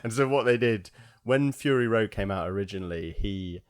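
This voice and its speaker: A man's voice: fairly low pitch, moderate pace, dry recording, clean studio sound. A man co-hosting a casual film review podcast, telling scenes with acted-out quotes and frequent laughter. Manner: animated storytelling, acts out quotes, laughs often. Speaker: podcast co-host.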